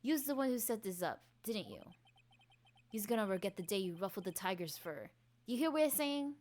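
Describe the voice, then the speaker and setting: A woman voicing a brash male loan-shark thug with a put-on Brooklyn accent, swaggering and shouting in street slang. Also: medium pitch, expressive, brisk, close to an everyday voice. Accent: mock Brooklyn.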